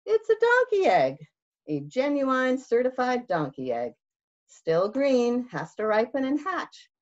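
A woman doing a sly, high fast-talking fox. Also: wildly swooping pitch, exaggerated voice. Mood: sly salesy. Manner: wheedling sales pitch. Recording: dull lo-fi recording.

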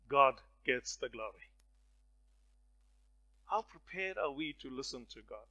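A man preaching a sermon, swinging from hushed lines to loud, stirring ones and acting out the voices in his stories. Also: mid-range voice, lively intonation, a little slow, pauses often, poor audio. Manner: dramatic swings from soft to loud; storytelling with acted voices.

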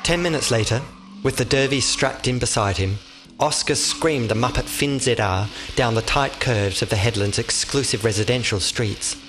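A man giving scripted audiobook narration in a measured, vivid storytelling manner. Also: mid-range voice, music in the background.

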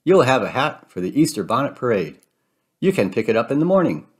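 A man's voice: medium pitch, sing-song, a little fast, slightly rough. A man voicing a sweet, cheerful female cartoon mouse in a storybook read-aloud, upbeat and encouraging.

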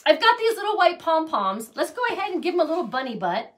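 A middle-aged woman with a high voice walks through a craft project in a casual, chatty way. She gushes and dotes on each little piece she makes. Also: sing-song, fast talker. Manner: gushing, chatty, doting on her crafts. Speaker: craft channel host.

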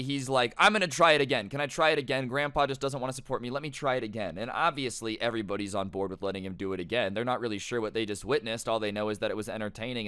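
A young man tells a wild story to camera in a loose, slangy way, full of asides to the viewer. His voice is bright and crisp, and the recording is dry and close. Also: mid-range voice, no echo. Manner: casual, slangy, animated retelling. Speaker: storytime host. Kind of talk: casual storytelling.

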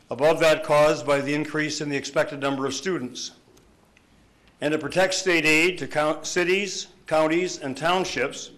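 Politician at a podium, slightly higher-pitched man, measured, emphatic delivery of a prepared statement. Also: a bit bright, reverberant. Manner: measured, deliberate, emphatic on key words. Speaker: governor. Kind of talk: prepared budget statement at a news conference. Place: news conference room.

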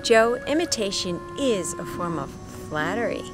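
A wife narrating a playful home tribute video. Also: female voice, mid-range voice, animated, normal speed, over music.

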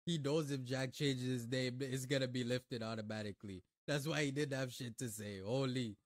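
Brief: male reaction host, casual slang, jokey asides, mid-pitched, dry booth sound. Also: steady tone, moderate pace, no echo, far from the mic. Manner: slangy, joking, talks to the clip.

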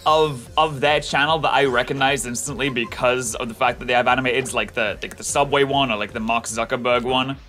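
A young man, chatting casually and excitably while playing a video game. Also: mid-range voice, brisk, few pauses, soft background music. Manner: animated, excitable, swears casually. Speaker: co-host of a gaming video. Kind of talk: casual chat over gameplay.

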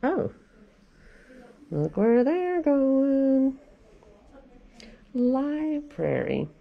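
Children's librarian, woman, forties: storytime reader, animated, chatty with kids. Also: high voice, very slow, creaky, narrow, tinny audio. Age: 40s. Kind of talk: reading a picture book aloud to children.

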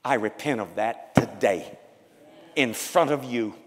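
A man preaching as a pastor, with a raspy, loud voice, swinging from shouts to hushed prayer. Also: medium pitch, unhurried, long reverb tail. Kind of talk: sermon. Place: church sanctuary.

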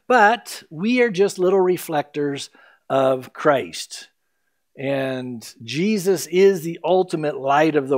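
Earnest higher-voiced male pastor preaching. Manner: earnest, conversational teaching with emphatic quoted lines. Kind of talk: sermon.

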